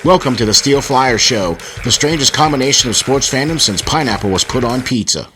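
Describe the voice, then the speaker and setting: An upbeat male announcer reads a scripted podcast intro in an ordinary mid-range voice. Loud guitar music plays clearly beneath him. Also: mid-range voice, expressive, brisk, low-quality recording.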